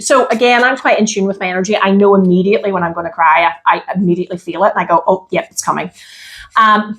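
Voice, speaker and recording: A woman's voice: mid-range voice, a bit bright. An Irish woman in casual chat, rambling and laughing often, acting out her own past lines. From Ireland. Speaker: podcast co-host.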